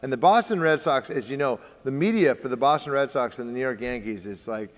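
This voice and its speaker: A man's voice: medium pitch, expressive, fairly quick. Storytelling man in a reverberant hall. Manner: storytelling, acts out quoted dialogue, many fillers. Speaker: baseball training host. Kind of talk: casual podcast conversation.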